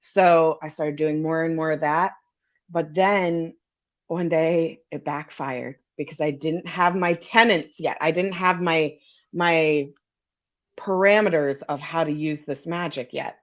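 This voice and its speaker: A woman's voice: sits low, fairly even intonation, measured pace, dull audio. A woman in casual storytelling as a psychic guest, candid, laughing easily and swearing. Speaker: psychic and energy healer guest.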